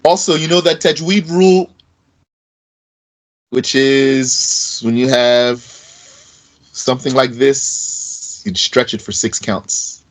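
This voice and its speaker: A man teaching an Arabic grammar lesson in a casual way, slowly repeating verb forms aloud with fillers like "you know". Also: mid-range voice, fairly even intonation, low-quality recording. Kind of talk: recorded lesson.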